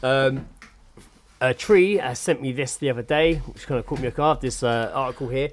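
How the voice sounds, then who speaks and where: A man's voice: mid-range voice, normal speed. A man co-hosting a casual podcast, joking around and reading out listener messages. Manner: jokey, reads listener messages aloud in mimicked voices. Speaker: podcast co-host.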